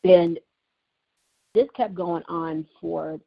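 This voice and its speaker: Woman, low voice, earnest emotional storytelling, dull lo-fi recording. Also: slow pace, vocal fry, long pauses. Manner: earnest, emotional, repeats herself for emphasis. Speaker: podcast host and writer. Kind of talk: personal storytelling monologue.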